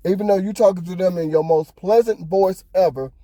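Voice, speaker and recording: A man's voice: high voice, fairly quick, mellow, dry recording. A man hosting a podcast, ranting heatedly in casual talk, swearing often. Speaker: podcast host. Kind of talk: casual opinion monologue.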